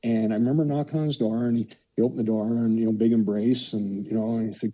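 A low-voiced man in his sixties from Canada tells long, rambling stories as a podcast guest. His tone is dark and mellow, with a husky grain, and he fills his sentences with "you know". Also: fairly even intonation, quick pace, few pauses, low-quality recording. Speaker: podcast guest, former hockey player. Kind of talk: casual storytelling.

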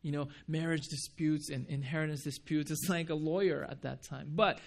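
A man's voice: fairly high pitch, steady tone, normal speed, vocal fry. A man preaching a sermon as pastor in a church, earnest, asking the congregation questions and repeating words for emphasis. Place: church building.

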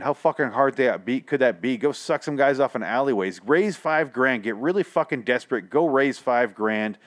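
A man's voice: mid-range voice, a little slow. A tired man hosting a podcast, ranting about an episode in a rambling, profane, exasperated way. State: tired late at night. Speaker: podcast host. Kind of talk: casual podcast review rant.

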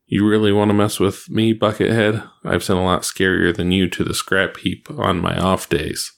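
A cocky veteran hero taunts a robot with easy confidence, read by a man. The voice is low and gravelly, with the plain tone of someone reading a story aloud. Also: flat delivery, normal speed. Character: veteran adult male ranger, cocky and confident.

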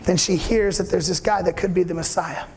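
A man with a very high voice delivers a conversational sermon as a pastor. He keeps asking his listeners whether they follow. He slips into the voices of people in the story as he tells it. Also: steady tone, brisk, a little hiss or hum. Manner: conversational preaching, checks in with listeners often.

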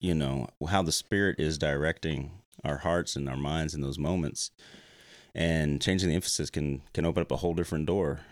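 A man hosting a casual podcast conversation about faith, pausing often and restarting his sentences. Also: extremely low pitch, fairly even intonation, no echo, clean studio sound. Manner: halting, many restarts and fillers. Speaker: podcast host.

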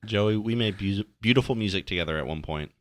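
A man's voice: on the low side, brisk, no echo. A man co-hosting a podcast, chatting casually over a movie and tossing out absurd joking one-liners. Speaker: podcast co-host.

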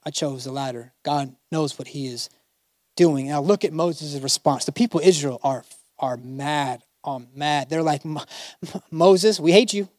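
Man, pastor, sermon, high-pitched, dramatic storytelling, dry recording. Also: steady tone, normal speed, darkish tone, no echo. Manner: dramatic, voices biblical figures in casual modern speech.

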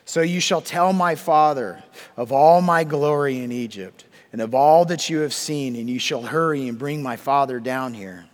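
His mid-range voice trails off into a long reverb as this pastor preaches and reads scripture. Repetition runs through his delivery, along with frequent questions aimed at those listening.

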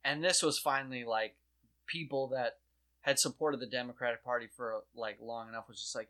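A man co-hosting a casual political chat, talking in an animated, rambling, profane way. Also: medium pitch, normal speed.

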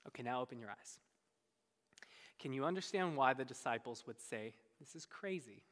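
A pastor preaching a sermon with animated storytelling, often repeating words as he starts sentences. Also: normal speed, in a large hall. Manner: animated storytelling, voices quoted speakers with big pitch jumps.

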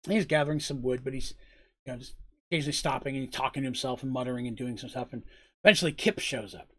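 Husky man recounting a tabletop game. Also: medium pitch, quick pace, a bit bright. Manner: conversational, rambling, with frequent fillers.

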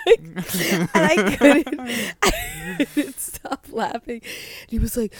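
A young woman with a cold tells a funny story in casual conversation, giggling nonstop mid-sentence and saying "like" constantly. Her voice sits high with huge pitch swings, she speaks slowly, and the recording is dry.

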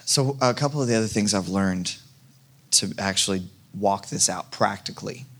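Male pastor, low gravelly voice, chatty sermon delivery, jokey asides. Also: moderate pace, a bit bright. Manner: conversational, jokey, many restarts.

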